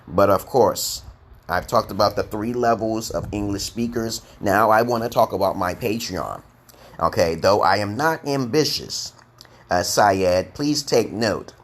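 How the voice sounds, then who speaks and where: A man's voice: on the low side, a little slow. Boastful man teaching English on a stream. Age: adult. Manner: playful, boastful, reads out viewer comments. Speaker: online English tutor. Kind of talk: live-stream teaching with chat.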